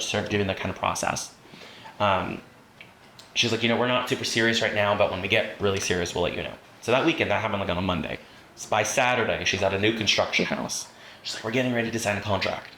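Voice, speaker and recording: A man with a lowish voice leads a real estate training class, telling stories and quickly acting out the voices of the people in them. The room is roomy and echoing, with a faint hiss underneath. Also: sharp tone. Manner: storytelling, acts out quoted voices.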